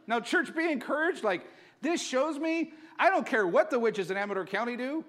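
A man's voice: very high voice, lively intonation, normal speed, a bit bright. A male pastor preaching a sermon, telling the story casually and with energy, filling it with likes.

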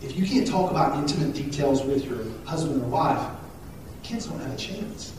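A man in his thirties, a pastor giving a conversational, animated sermon with asides and jokes. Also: mid-range voice, normal speed. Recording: echoey hall, speaker far from the mic, faint noise.

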